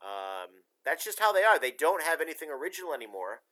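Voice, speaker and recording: Guy hosting a chat show, bright edgy voice, goes on emphatic rambles. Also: a little high, very animated, fairly quick. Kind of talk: casual political talk.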